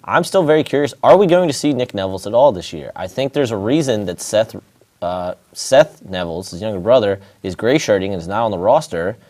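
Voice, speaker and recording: A man's voice: lowish voice, expressive, fairly quick, darkish tone. A man co-hosting a casual sports talk show, speaking hesitantly with many fillers. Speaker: co-host.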